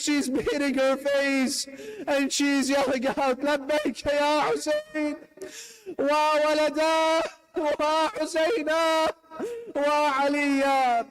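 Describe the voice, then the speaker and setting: A man's voice: very high voice, poor audio. A man delivering a mourning sermon at a religious gathering, narrating with passion and a voice that breaks into sobs. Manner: impassioned, lamenting, voice breaking into sobs. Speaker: preacher. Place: mosque gathering.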